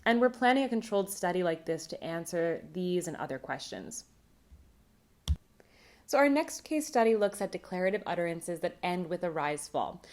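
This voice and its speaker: A woman presenting a recorded academic conference talk, reading a prepared script in a measured, explanatory way. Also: fairly low pitch, very animated, a little mellow.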